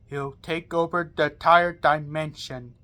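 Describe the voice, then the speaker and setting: A woman voicing a scheming male villain in an amateur read-aloud story, speaking low and quiet. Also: fairly even intonation, a little slow. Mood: menacing. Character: scheming male villain summoning dark forces.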